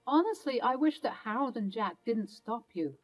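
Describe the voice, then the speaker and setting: A woman's voice: fairly high pitch, animated, normal speed, close to an everyday voice, low-quality recording. A woman voicing a kind, protective older grandmotherly woman who soothes and reassures in a motherly way. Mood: tender.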